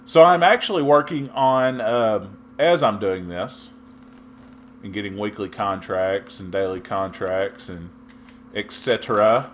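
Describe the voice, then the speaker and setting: A middle-aged man from Texas giving casual, rambling commentary over his gameplay, chatty with sudden loud outbursts. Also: lowish voice, unhurried, a little hiss or hum. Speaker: gaming YouTuber.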